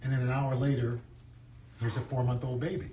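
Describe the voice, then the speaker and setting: A man's voice: mid-range voice, flat delivery, brisk, warm tone, highs cut off. A middle-aged man as an interview guest, chatting casually and telling stories with playful jokes. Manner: jokey, playful storyteller who slips into put-on voices. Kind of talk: casual chat. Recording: roomy echo, far from the mic, faint noise.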